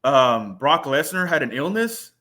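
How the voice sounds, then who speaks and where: A man talking casually as a guest on a podcast, excited and profane, with frequent stumbling restarts. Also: a little high, measured pace. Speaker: guest panelist.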